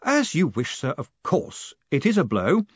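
A man voicing a quick-witted young con man in an audiobook, speaking in a breezy, lively and confident way. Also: on the high side, breathy edge, dry recording, highs cut off, voice pushed up, heavily acted. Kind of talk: audiobook character reading.

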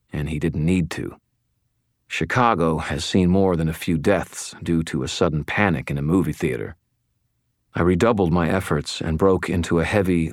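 A man narrating a first-person audiobook in a steady, measured storytelling manner. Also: deep voice, no room sound, studio quality.

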